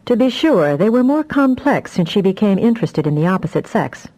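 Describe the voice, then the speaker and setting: A woman narrating a fantasy audiobook in a measured, even storytelling manner. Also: mid-range voice, poor audio.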